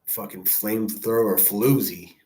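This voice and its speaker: Lowish-voiced man swearing through commentary. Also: unhurried, mellow. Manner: blunt, rambling, swears often. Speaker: livestream host. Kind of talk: profane casual commentary.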